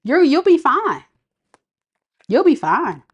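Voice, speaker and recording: Sassy tarot lady on a live stream, kinda high voice, laughs a lot. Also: slow, muffled recording. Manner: sassy, animated, laughing often, slangy. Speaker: tarot reader.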